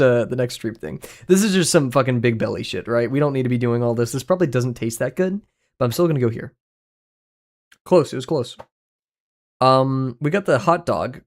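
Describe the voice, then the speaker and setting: A male streamer gives casual livestream commentary to his chat, rambling from topic to topic. He swears freely, jokes and laughs often, speaking at an ordinary middle pitch.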